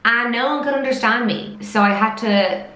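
A woman of twenty-five chatting to camera in a fast, loud, storytelling way. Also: a little high. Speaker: vlogger. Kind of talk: casual chat to camera. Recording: echoey room.

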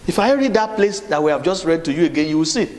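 Male pastor, high voice, repetitive call-and-response preaching, roomy church reverb. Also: lively intonation, quick pace, a little mellow. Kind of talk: sermon. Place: church hall. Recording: echoey hall with faint room noise.

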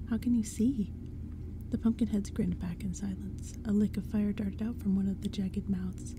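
A woman softly whispering a story as an ASMR audiobook reader. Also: medium pitch, steady tone, normal speed, noisy background. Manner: soft, whispered, gentle.

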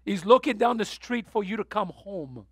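A man preaching a sermon with passion, going from soft, tearful moments to loud, urgent appeals. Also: high-pitched, animated, normal speed, husky, no room sound. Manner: impassioned, swings from soft to loud; emotional, near tears. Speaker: pastor.

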